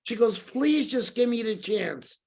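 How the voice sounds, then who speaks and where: A gravelly, very high-pitched voice, a little slow, belongs to an older New York man guesting on a podcast. He's a lively anecdotal storyteller in a casual interview, acting out the conversations he relates.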